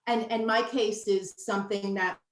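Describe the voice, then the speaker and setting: A woman's voice: mid-range voice, fairly even intonation, moderate pace. A woman in her fifties, a nutritionist guest, talking candidly and emphatically in a casual interview. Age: 50s. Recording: roomy echo.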